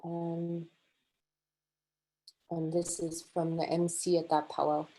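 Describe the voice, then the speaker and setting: A woman poet speaking on a video call, soft and halting, full of pauses and fillers, openly emotional as she talks. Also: on the low side, level tone, low-quality recording. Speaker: guest poet. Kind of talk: unscripted remarks on a video call.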